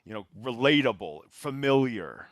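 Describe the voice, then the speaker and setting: A man co-hosting a podcast chat, explaining his view in a measured way with examples. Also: mid-range voice, sing-song, no echo. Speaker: podcast co-host. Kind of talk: casual chat.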